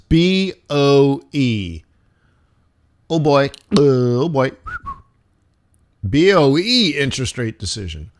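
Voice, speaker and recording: A man runs a live forex trading stream and talks through the week's market events in a loose, joking way. His pitch sits in the middle of the range. He speaks quickly and with lots of energy. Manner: animated, jokey, talks fast with laughs and asides.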